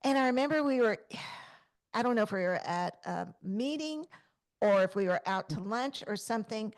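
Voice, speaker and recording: Animated woman podcast host. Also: medium pitch, normal speed. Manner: animated storyteller, acts out quoted exclamations. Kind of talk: casual podcast chat.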